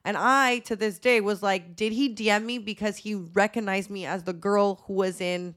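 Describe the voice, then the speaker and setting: A young woman in her twenties talks through her travel stories with a friend, filling her sentences with "like" and playing out each quoted line. Her voice sits at an ordinary middle pitch for a woman, and she tells it all as easygoing podcast chat. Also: steady tone, moderate pace, a bit bright. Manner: chatty storytelling, heavy use of "like", acts out quotes. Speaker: podcast co-host. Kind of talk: casual chat.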